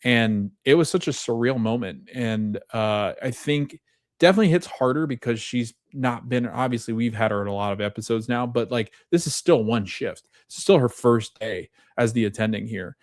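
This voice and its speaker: A man's voice: medium pitch, normal speed, no room sound, clean studio sound. A man hosting a podcast, casually recapping a TV episode and acting out quoted lines as he goes. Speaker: podcast host.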